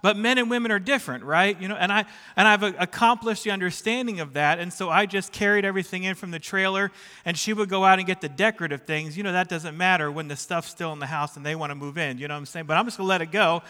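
A man's voice: sits high, quick pace, hardly any pauses, pushed and bright, smooth, in a large hall. A middle-aged man preaching a sermon in a church sanctuary, chatty and self-deprecating, who keeps checking in with the congregation. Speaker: pastor. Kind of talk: sermon with personal stories.

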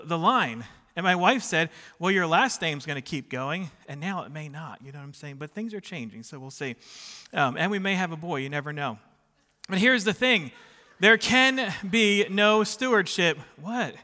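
A middle-aged pastor's bright, forceful voice, on the high side, fills a church sanctuary with big-room sound. His sermon is chatty and self-deprecating, built around personal stories, and he keeps checking in with the congregation.

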